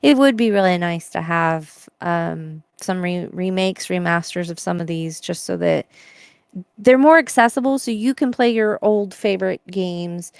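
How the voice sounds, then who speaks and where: A young woman co-hosting a podcast, chatting casually and telling a story with lively put-on voices and giggles. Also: on the low side, smooth, dry recording. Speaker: podcast co-host. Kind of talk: casual chat.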